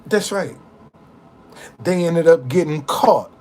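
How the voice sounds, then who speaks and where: An older man telling a personal story in a casual, profane, animated way, often restarting and repeating words. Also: a little high, slow.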